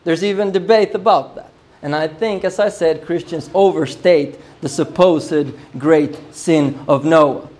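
Working through a Bible passage like a sermon, a male preacher thinks out loud and circles back to repeat phrases. His voice sits on the high side with a darkish tone, and he speaks unhurriedly.

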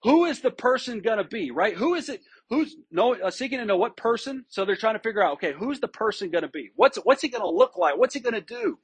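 A male pastor delivers an expository sermon in a high-pitched, somewhat husky voice. He talks conversationally, stresses key words, and often doubles back on a phrase before finishing it. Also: sing-song, fast, few pauses. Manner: conversational and emphatic, with frequent restarts and checks with listeners.

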